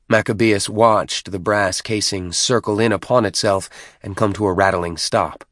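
A man narrating a science fiction story in a measured, even way. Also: on the low side, dry recording, studio quality. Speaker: audiobook narrator. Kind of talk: scripted narration.

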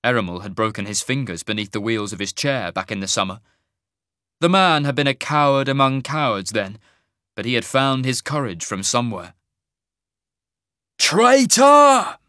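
A man narrating a fantasy audiobook in a measured, even storytelling manner. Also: medium pitch, clean tone, dry recording, clean studio sound.

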